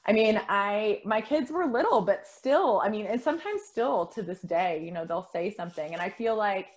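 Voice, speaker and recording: Gentle, reassuring middle-aged woman. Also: mid-range voice, lively intonation, normal speed. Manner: gentle, reassuring, repeats words. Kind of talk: casual conversation.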